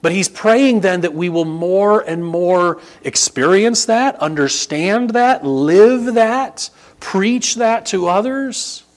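A man's voice: high-pitched, slow. A man preaching an expository sermon, emphatic and conversational, who also teaches a religion class.

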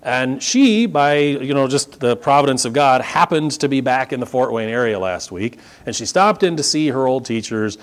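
A male pastor preaching a sermon in a church in a relaxed, conversational way, with chuckles and casual asides to the congregation. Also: mid-range voice. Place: church sanctuary.

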